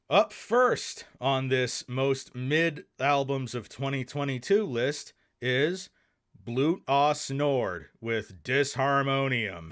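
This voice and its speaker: A young man hosting a music review channel, delivering profane, sarcastic rants and blunt album reviews. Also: mid-range voice. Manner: angry sarcastic ranting, heavy swearing; calmer deadpan review delivery.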